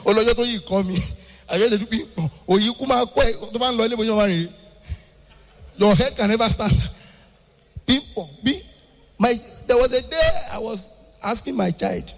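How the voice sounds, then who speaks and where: A young adult Nigerian man from Ibadan performing stand-up comedy, animated, swinging between shouting and a sing-song delivery. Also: high voice, fairly quick, long reverb tail.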